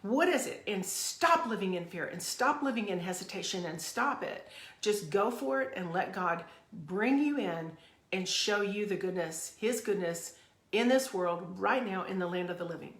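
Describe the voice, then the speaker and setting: A woman's voice: mid-range voice, expressive, moderate pace, a bit bright. A woman hosting her own podcast, delivering a fervent, emphatic motivational rant full of repeated phrases. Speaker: podcast host. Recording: echoey room.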